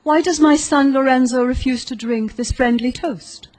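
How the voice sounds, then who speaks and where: A woman's voice: sits high, normal speed, darkish tone, voice pushed up. A woman reading the lines of a grieving, hospitable old marquis in a spoken story. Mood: earnest.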